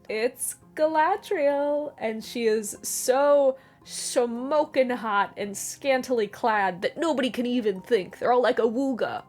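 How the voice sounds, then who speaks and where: A woman hosting a video essay in casual commentary, with wry, sarcastic asides. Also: on the high side.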